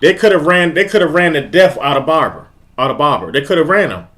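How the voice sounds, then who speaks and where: A man's voice: on the high side, lively intonation, fast talker, fairly bright tone. A man hosting a casual live-stream sports talk, repeating himself in frustrated, emphatic bursts. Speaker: host of a fan live stream.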